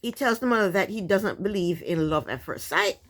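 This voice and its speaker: Sassy, animated woman recapping TV. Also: medium pitch, normal speed. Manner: blunt, sassy, chatty with frequent asides. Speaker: TV recap vlogger. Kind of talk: casual opinionated recap.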